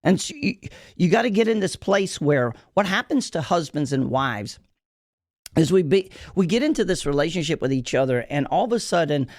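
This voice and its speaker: A man preaching as a podcast host and pastor, emphatic and folksy, repeating his key lines slowly so they sink in. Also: mid-range voice, no echo, clean studio sound. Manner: folksy, addresses listeners as y'all. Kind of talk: preaching-style podcast talk.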